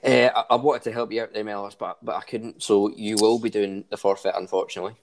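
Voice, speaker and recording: A man with a slightly low voice hosts a laid-back podcast chat. He runs the quiz with upbeat energy. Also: level tone, quick pace, a little mellow. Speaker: podcast host. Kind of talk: casual chat.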